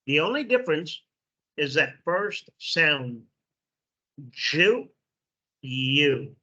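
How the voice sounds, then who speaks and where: Slow, bright-voiced man teaching. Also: on the high side, big pitch swings. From Mexico. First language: Spanish. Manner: slow, repeats sounds, checks in with "okay". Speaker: English pronunciation teacher. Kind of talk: classroom phonetics lesson. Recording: dull lo-fi recording.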